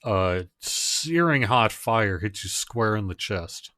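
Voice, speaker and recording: Low-voiced man running a tabletop game. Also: dry recording. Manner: relaxed, halting scene narration. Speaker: dungeon master.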